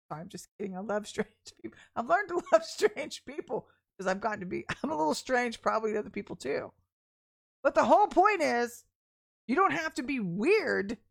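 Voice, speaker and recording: A middle-aged woman minister telling personal stories in a sermon, chatty and animated, often laughing as she talks. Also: on the high side. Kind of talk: candid storytelling sermon.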